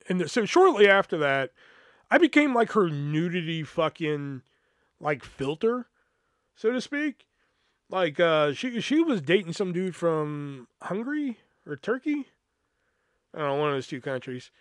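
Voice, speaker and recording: A man's voice: on the high side, no room sound, clean studio sound. A man hosting a podcast, telling a personal story in a rambling, profane, casual way full of fillers. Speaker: podcast host.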